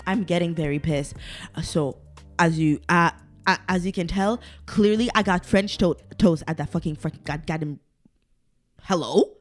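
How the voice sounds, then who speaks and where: On her solo podcast, a young woman swears a lot and wanders off on tangents during an exasperated, over-the-top rant. She talks at a moderate pace in a fairly low voice while faint music plays.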